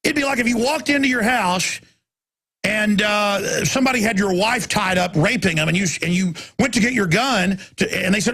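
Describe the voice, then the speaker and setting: Ranting gravelly man on talk radio. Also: moderate pace. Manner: ranting, swings between loud outbursts and low asides. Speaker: radio talk show host. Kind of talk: impassioned talk radio monologue.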